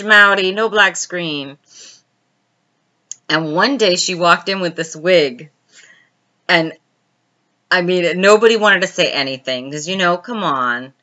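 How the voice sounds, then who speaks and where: Woman streamer, unhurried delivery, bright and forceful tone, reads chat and laughs a lot, dull lo-fi stream sound. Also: sits low. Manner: reads viewer comments aloud and laughs often; chatty storytelling. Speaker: live-stream host. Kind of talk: casual live-stream chat.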